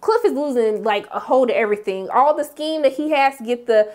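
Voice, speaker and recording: Young woman vlogger, high voice, lively recap host who swings between loud squeals and muttered asides. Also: fairly quick. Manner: animated, jumping between high exclamations and low asides. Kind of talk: casual TV recap vlog.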